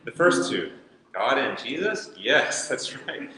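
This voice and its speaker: A man of middle pitch leads a verse-by-verse Bible study, talking it through conversationally and reading passages aloud. His voice rings through a very echoey room, and each phrase trails off in a long reverb. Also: sing-song, takes it slowly, noisy background. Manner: conversational, reads scripture aloud, chuckles now and then.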